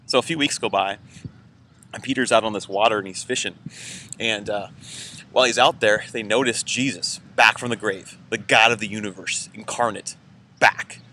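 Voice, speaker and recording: A man delivers a relaxed sermon to his church in a low, bright and somewhat tense voice. He talks casually and conversationally, filling gaps with loose fillers. A faint ambient hiss sits behind him. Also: normal speed. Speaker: church pastor. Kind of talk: informal weekend sermon message.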